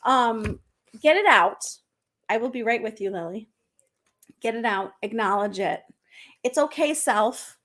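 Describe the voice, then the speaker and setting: A middle-aged woman hosting a casual group video chat, chatty, animated and laughing often as she tells stories. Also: on the high side, unhurried, long pauses. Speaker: host.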